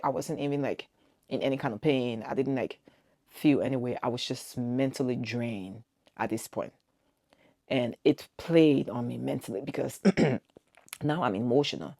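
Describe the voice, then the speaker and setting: A woman's voice: very deep voice, warm tone, no echo, clean studio sound. A woman in her forties telling an earnest, emotional personal story to camera, with quoted dialogue. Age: 40s. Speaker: vlogger.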